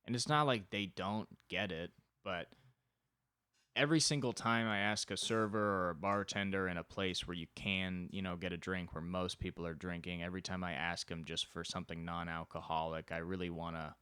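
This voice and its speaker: A man's voice: low voice, fairly even intonation, normal speed, sharp tone, clear, resonant tone, no room sound. A man in his twenties hosting a solo podcast, rambling and self-deprecating, swearing freely as he tells comic stories. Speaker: podcast host. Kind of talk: solo comedic monologue.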